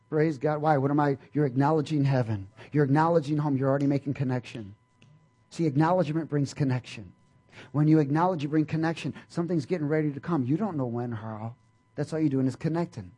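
Husky-voiced, high-pitched male preacher. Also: quick pace, a little mellow. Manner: emphatic, call-and-response preaching; folksy and playful. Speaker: pastor. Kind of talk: sermon.

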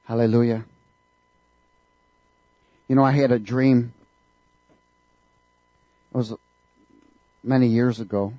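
A man's voice: mid-range voice, steady tone, slow pace, long pauses, mellow, no echo, poor audio. A man preaching a fervent sermon in a church, calling out questions for the congregation to answer back. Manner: fervent, call-and-response preaching.

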